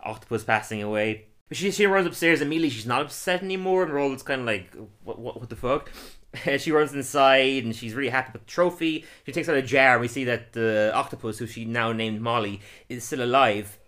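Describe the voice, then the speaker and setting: A man casually recapping a cartoon episode, telling it with energy and laughing often as he slips into quick silly voices. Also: medium pitch, fairly bright tone. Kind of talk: casual chat.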